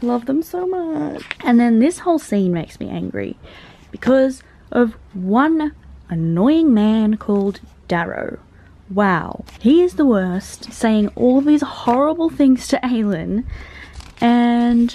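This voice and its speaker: Mellow-voiced young woman book vlogger. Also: a little high, lively intonation, slow pace. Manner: chatty, giggly and gushing. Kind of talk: casual reading vlog chat.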